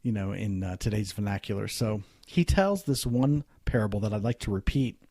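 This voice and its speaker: A man's voice: on the low side, brisk, mellow, no echo, clean studio sound. A man hosting a podcast, casually retelling a story in a conversational way. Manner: conversational, many fillers and restarts. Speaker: podcast host.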